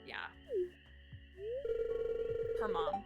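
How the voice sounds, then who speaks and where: Excitable woman streamer, casual game commentary over loud music. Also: drawn-out words, muffled recording. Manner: excitable, chatty, lots of fillers.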